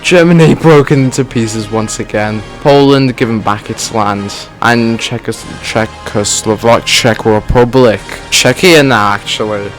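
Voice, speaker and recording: A man's voice: medium pitch, unhurried, few pauses, soft background music. A man giving casual, joking gameplay commentary in a slangy way, calling people "dude". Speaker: gaming video creator.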